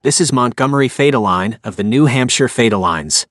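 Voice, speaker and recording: A man voicing a genial, businesslike wealthy host in an audiobook, with a smooth delivery. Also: medium pitch, lively intonation, fairly quick, fairly bright tone, dry recording, clean studio sound, close to an everyday voice. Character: smug wealthy male host, genial and brisk.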